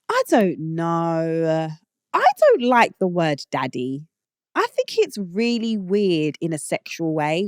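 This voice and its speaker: A woman's voice: lowish voice, dry recording, studio quality. A British woman hosting her own show, giving blunt, opinionated takes in a casual monologue that rises to indignant outbursts. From Britain. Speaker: show host.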